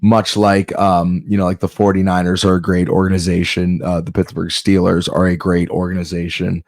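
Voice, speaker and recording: A man's voice: sits low, completely flat delivery, moderate pace, darkish tone, dry recording, studio quality. A man doing a rambling comedic monologue, often breaking off and restarting mid-sentence. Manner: rambling, self-interrupting, off-the-cuff.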